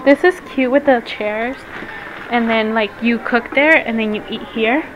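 Chatty young woman with a high voice. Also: unhurried. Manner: chatty, switches between English and Spanish. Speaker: vlogger. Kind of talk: casual shopping vlog. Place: large furniture store, indoors. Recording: noisy store background.

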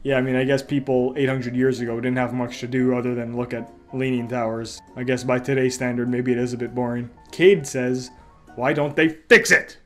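A young man reads bad reviews aloud and mocks them with dry sarcasm. His voice sits at a middling pitch, with faint music playing underneath. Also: flat delivery, fairly quick, few pauses, a little mellow. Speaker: comedy reviewer. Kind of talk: comedic review reading.

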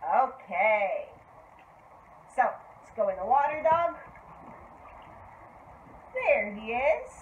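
A woman teaching toddlers, speaking in a slow, exaggerated, encouraging way and repeating simple words for them to copy. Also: fairly high pitch, sing-song, reverberant, narrow, tinny audio, a little hiss or hum. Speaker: preschool teacher. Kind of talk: children's lesson.

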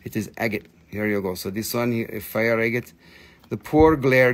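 A man hosting a live rock sale, excitable and jokey, gushing over each piece and chatting to viewers by name. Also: medium pitch, normal speed. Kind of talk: live selling stream chat.

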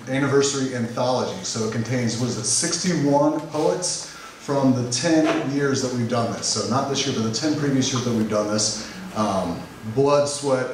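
A man hosting a live community poetry reading, welcoming the audience and thanking helpers in a relaxed, chatty way. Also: medium pitch. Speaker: event host. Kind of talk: casual welcome and thank-yous at a live event. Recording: echoey hall from far off, noisy.

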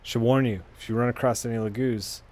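A man's voice: mid-range voice, fairly even intonation, fairly quick, darkish tone, lightly acted. A man reading as a sly cat-beast warrior. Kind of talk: reading game dialogue aloud.

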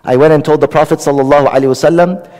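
A man's voice: on the high side, steady tone, very fast, a little mellow, long reverb tail, rough recording. A man preaching a Ramadan night sermon, retelling a story with dialogue. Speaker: Islamic preacher.

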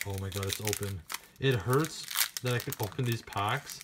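A man narrating as he opens trading card packs on camera, excited and chatty, speaking straight to his viewers. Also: lowish voice, normal speed, very noisy. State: nervous and shaky. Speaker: card-opening vlogger. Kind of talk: casual unboxing narration.

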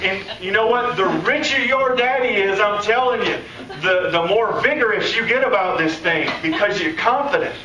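A man preaching a conference sermon, animated and playful, acting out the voices he quotes. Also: high-pitched, moderate pace, hardly any pauses. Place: conference hall. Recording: echoey hall, distant mic, faint room noise.

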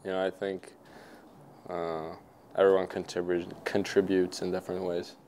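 A man's voice: deep voice, normal speed, slight background noise. A Swedish man in his twenties, speaking English as his second language with a Swedish accent, chatting casually and easily with lots of fillers as a guest. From Sweden. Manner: relaxed, easygoing, many fillers. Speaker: hockey player guest. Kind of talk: casual interview chat.

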